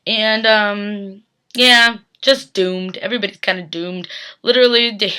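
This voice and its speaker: Woman, young adult, bright voice, casual recap chat, "like" and "literally" everywhere, webcam mic. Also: medium pitch, steady tone, unhurried, smooth. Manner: chatty, emphatic, lots of "like" and "literally". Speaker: YouTube TV reaction vlogger.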